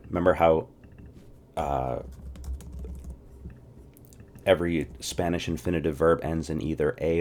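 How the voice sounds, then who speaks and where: A man teaching a casual spoken lesson, drilling short phrases, asking the listener to repeat after him and often clearing his throat. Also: a bass voice. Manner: animated, drills phrases and asks viewers to repeat. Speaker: language teacher.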